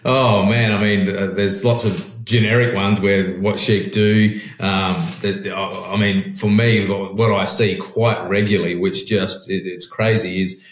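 A man, a pastor and sheep farmer, talking in a relaxed, rambling way with frequent restarts. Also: fairly low pitch, unhurried, few pauses. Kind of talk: casual conversation. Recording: roomy echo.

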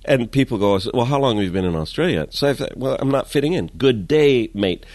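A man, a guest in an interview, telling comic stories in an animated way, going from loud to hushed. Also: mid-range voice, quick pace, no echo. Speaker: guest, comedic storyteller. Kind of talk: casual interview chat.

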